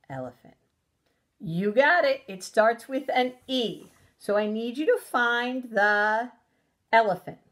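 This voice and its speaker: A woman teaching a recorded phonics lesson to young children, sounding out letters slowly and praising them warmly. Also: fairly high pitch. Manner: encouraging, sing-song, sounds out letters slowly. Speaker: preschool teacher.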